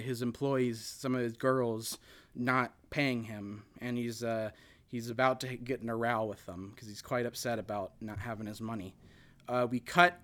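Man, podcast host, smooth clear voice, mid pitch, rambling casual recap, lots of fillers. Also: fairly bright tone. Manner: rambling, filler-heavy, often "you know" and "like". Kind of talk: casual chat recapping a movie.

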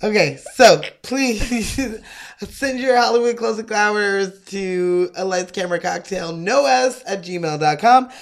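A woman's voice: medium pitch, measured pace. A tipsy woman co-hosting a casual podcast. She talks loosely, jokes around and curses freely. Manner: loose, swearing, jokey. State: drunk. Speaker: podcast co-host. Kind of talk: casual chat.

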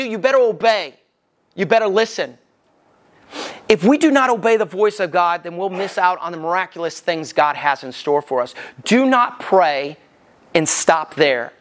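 A man's voice: high-pitched, fairly bright tone. A man, a lead pastor, giving a sermon. He tells a story at length and then drives the lesson home with repeated, emphatic commands. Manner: emphatic, repetitive exhortation.

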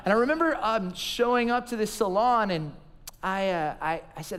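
Pastor in his forties, high voice, animated storyteller, church-hall reverb. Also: moderate pace, smooth. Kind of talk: sermon.

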